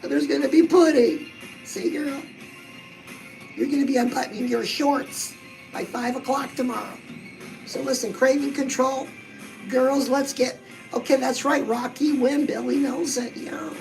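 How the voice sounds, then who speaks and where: A woman's voice: sits high, steady tone, unhurried, creaky, soft background music, rough recording. A woman coaching on fitness and weight loss in a bubbly, chatty, motivational way, talking straight to her listeners. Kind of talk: upbeat motivational vlog.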